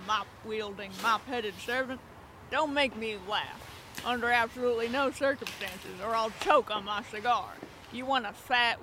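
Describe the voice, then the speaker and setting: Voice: mid-range voice, sharp tone, a little hiss or hum. A performer voicing a rich, domineering female mob boss in a comedy audio drama, speaking in an imperious, insulting way.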